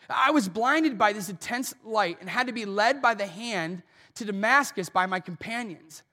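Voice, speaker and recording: A male pastor with a high, bright voice delivers a sermon in a church auditorium, his words ringing out with a long hall reverb. He tells the story in an animated way, slipping into the voices he quotes. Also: moderate pace.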